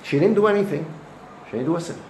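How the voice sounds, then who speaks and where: Rabbi teaching in an echoey room. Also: male voice, fairly high pitch, fast talker. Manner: animated storytelling with Hebrew and Yiddish terms. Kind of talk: weekly Torah lesson. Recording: echoey room with faint noise.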